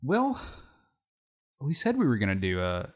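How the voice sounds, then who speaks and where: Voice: mid-range voice, wildly swooping pitch, measured pace. A podcast co-host in casual comedic banter, riffing on absurd jokes and laughing often.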